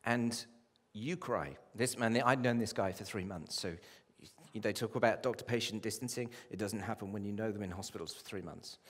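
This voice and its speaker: A man preaching a sermon as a pastor, with impassioned delivery that rises to loud pleading and drops low. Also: moderate pace, hardly any pauses, husky. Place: church. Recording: long hall reverb.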